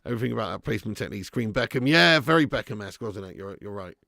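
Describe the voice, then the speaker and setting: A man hosting a live football watch-along, who is excitable and jokey and bantering with his chat. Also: lowish voice, very fast, gravelly, no echo, studio quality. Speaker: live stream host.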